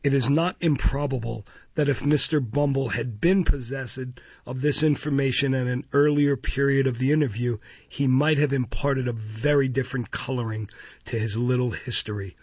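Gravelly, husky male audiobook narrator. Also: medium pitch, fairly even intonation, moderate pace, a little mellow, no echo. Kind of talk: scripted narration. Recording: dull lo-fi recording.

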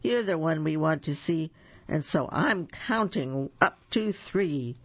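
Reader doing a firm calm mama frog, slow, dull lo-fi sound. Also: mid-range voice, no room sound. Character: calm unafraid mother frog.

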